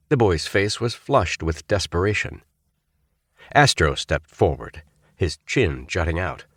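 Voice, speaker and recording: A man narrating a children's space adventure audiobook with expressive storytelling. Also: low-pitched, a little slow, no echo, studio quality. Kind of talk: scripted narration.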